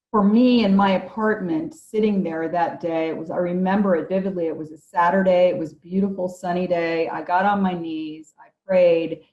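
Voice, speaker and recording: A middle-aged woman with a lowish, mellow voice recounts her story as a podcast guest, earnest and vivid in the telling. The sound is dull and lo-fi, with an echoey room around her.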